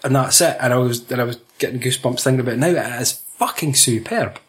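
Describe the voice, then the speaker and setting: A man's voice: mid-range voice, fast talker. A young man with a Scottish accent from Fife, chatting casually about a film, swearing a lot and laughing often. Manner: sweary, laughing, jokey, puts on voices. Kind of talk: casual film review chat.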